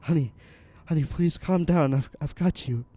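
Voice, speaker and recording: A man voicing a worried, relieved mother who speaks gently and soothingly to her child. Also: a little high, moderate pace, pitched above the performer's own voice, lightly acted. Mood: soothing relief.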